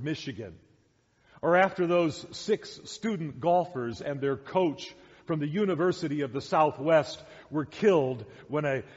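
A pastor preaches a sermon emphatically, packing it with rhetorical questions, in a dull, echoey church hall recording. His voice is a little high with a breathy edge.

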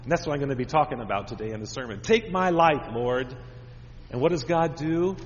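A man's voice: medium pitch, animated, rapid-fire, darkish tone. Man preaching to children in a reverberant church. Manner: asks children many simple questions. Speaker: pastor. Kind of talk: children's sermon. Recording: dull recording with long church reverb.

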